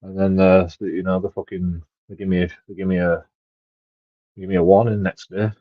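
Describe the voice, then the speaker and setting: A man's voice: low-pitched, flat delivery, normal speed, dry recording. A man ranting casually, swearing heavily and rambling with many restarts. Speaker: vlogger. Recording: dull lo-fi dry sound.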